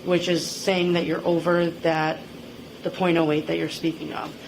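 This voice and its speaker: Steady, low-pitched policewoman explaining charges over background noise. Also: moderate pace, creaky, rough recording. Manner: calm, procedural. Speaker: police officer.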